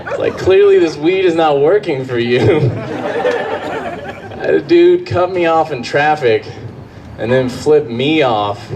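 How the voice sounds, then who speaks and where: A man's voice: on the high side, background noise. A man from Colorado doing live stand-up comedy on a club stage, rambling, profane and self-mocking. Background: audience laughter.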